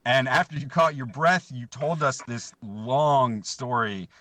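A young man chats as a podcast guest, rambling through an old story and laughing along the way. His voice is bright and clear, recorded dry and close. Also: medium pitch, measured pace, no room sound. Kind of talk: casual podcast chat.

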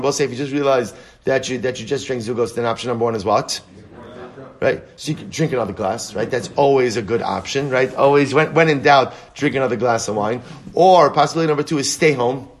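Husky man teaching Talmud. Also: medium pitch. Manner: animated, chanting Aramaic quotes slowly; stammering restarts. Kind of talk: Talmud class.

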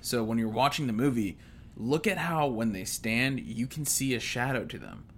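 A man co-hosting a casual chat about a film explains its ideas hesitantly, searching for words. His voice is medium-pitched at a moderate pace, with slight background noise.

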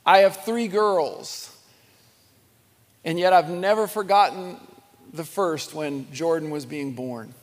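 A middle-aged man preaching a sermon, telling stories in a conversational, animated way with chuckles and restarts. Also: a little high, slow pace, long pauses, in a large hall. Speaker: pastor.

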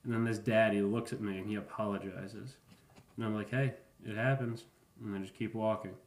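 A man in his thirties, a podcast host rambling through a casual comedic monologue with a deadpan, offhand manner and profane asides. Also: fairly low pitch, a little fast, reverberant. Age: 30s.

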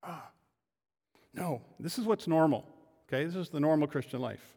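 Male pastor, high voice, sermon in a long-reverb church hall, swings from hushed to emphatic. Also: lively intonation, normal speed, vocal fry. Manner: builds from quiet reflection to loud emphatic declarations; rhetorical questions answered in turn. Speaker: lead pastor. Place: church sanctuary.

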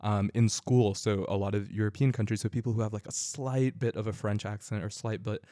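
Young Californian man, casual storyteller, lowish voice, dry close mic. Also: a little fast, no room sound. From California, United States. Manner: relaxed, chatty, frequent fillers and laughter.

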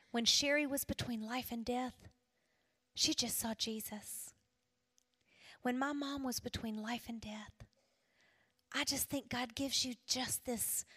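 A middle-aged woman giving a personal testimony sermon to a women's gathering, telling her story earnestly and dropping to a hush for emphasis. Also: on the high side, slightly rough. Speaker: women's ministry speaker. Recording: long hall reverb.

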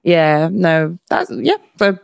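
A British woman hosting a podcast, chatting casually and reacting quickly. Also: lowish voice, very animated, creaky, clean tone, no room sound, studio quality. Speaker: podcast host. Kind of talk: casual chat.

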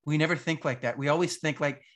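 A man's voice: fairly high pitch, fairly even intonation, fast talker, fairly bright tone. A man hosting a podcast interview, chatting casually, often laughing and giving short affirmations. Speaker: podcast host.

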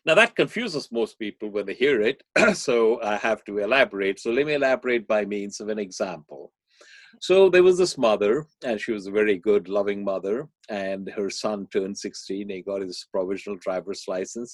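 A man's voice: lowish voice, brisk, no room sound. Man explaining and telling stories. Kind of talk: podcast interview, storytelling.

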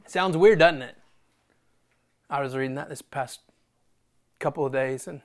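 A man preaching a sermon, animated and self-deprecating, acting out conversations between God and Moses. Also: medium pitch, slow pace, pauses often. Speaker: pastor.

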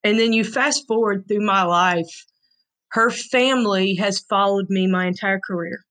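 Woman in her 40s, podcast guest, earnest and frank, moderate pitch, storytelling. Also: fairly even intonation, a little slow, fairly bright tone, rough recording. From Tennessee, USA. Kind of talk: heartfelt storytelling.

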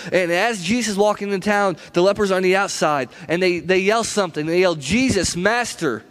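A man preaching a sermon in a conversational, storytelling way, often checking in with "right?". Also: sits high.

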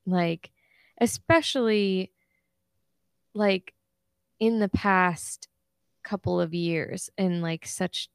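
Young woman, podcast co-host, rambling and earnest, unhurried, smooth clear voice, dry close sound. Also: on the low side, no room sound. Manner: rambling, earnest, heavy use of "like". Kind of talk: casual chat.

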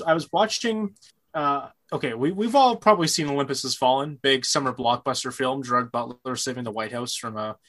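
A man's voice: medium pitch, a bit bright. A man in casual conversation, rambling and restarting, swearing freely as he talks about movies. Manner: rambling, repeats words, profane.

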